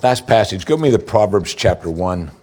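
A man preaching a sermon as pastor, asking the congregation rhetorical questions, his voice rising for emphasis and slowing down on key points. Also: expressive, mellow. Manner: rises in pitch for emphasis, slows for key points.

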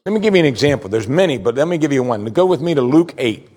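A man preaching a sermon with emphatic delivery, swinging between loud stress and quiet asides. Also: medium pitch, lively intonation, fast. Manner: emphatic preaching, rising and falling in volume. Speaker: pastor.

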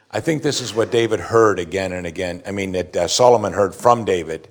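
A man, the pastor, preaching a sermon with emphatic declarations and quiet asides. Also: lowish voice, fairly quick, few pauses.

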